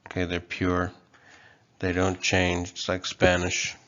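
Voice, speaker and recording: A man giving a casual online language lesson, relaxed and hesitant, with frequent ums and okays. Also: sits low, slow pace, dull audio. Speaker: language teacher.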